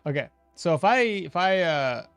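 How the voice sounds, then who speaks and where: A man's voice: fairly high pitch, lively intonation, moderate pace, fairly bright tone, clear, resonant tone, no echo, soft background music. A man giving casual gameplay commentary, thinking aloud, chuckling often and answering chat as he plays. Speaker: streamer playing a game.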